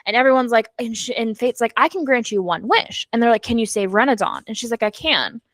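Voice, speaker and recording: A woman's voice: fairly high pitch, lively intonation, fast talker, a bit bright, no echo. A woman co-hosting a book club, animatedly retelling the story and acting out the characters' lines. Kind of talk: casual chat recapping a novel.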